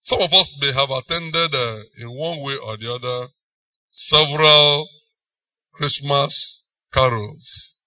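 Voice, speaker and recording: A man with a Nigerian accent preaching a sermon, emphatic, swinging between loud and soft phrases. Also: mid-range voice, slow pace, no echo, far from the mic, dull audio.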